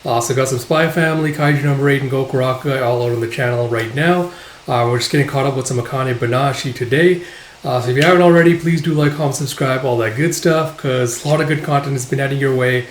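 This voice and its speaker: A man's voice: medium pitch, fairly even intonation, fast talker, reverberant, a little hiss or hum, poor audio. A man hosting a manga review video, chatting casually with lots of fillers. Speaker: manga review channel host.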